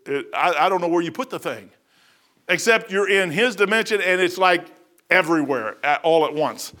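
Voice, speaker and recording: A middle-aged man delivers a sermon in a folksy, animated style, at a moderate pace. His slightly high voice is bright and forceful, rising to emphatic peaks as he drives his points home.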